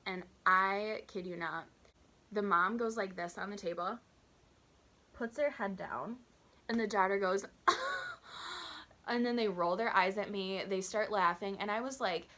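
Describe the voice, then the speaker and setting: A woman in her twenties telling a storytime vlog, chatty and animated, acting out customers and her own waitress voice. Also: medium pitch, measured pace, pauses often. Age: 20s. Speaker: vlogger.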